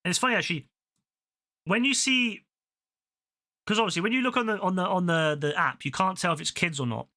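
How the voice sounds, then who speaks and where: A man's voice: high voice, fairly quick, long pauses. A man, chatting casually while gaming, ranting animatedly with a lot of swearing. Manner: ranting, profane, animated storytelling. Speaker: gaming video host.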